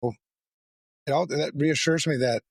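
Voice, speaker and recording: Man, podcast host, gravelly, breathy edge, blunt and profane, dry close sound. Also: a little high, no room sound. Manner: blunt, frequent swearing, halting restarts. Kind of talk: candid casual conversation.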